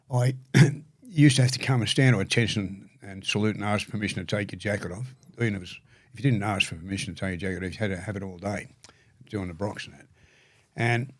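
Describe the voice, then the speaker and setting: Older Australian male guest; earnest, stumbling storyteller, low voice, dry sound. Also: no echo. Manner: halting, repeats words, gravely earnest. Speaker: podcast guest. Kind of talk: storytelling conversation.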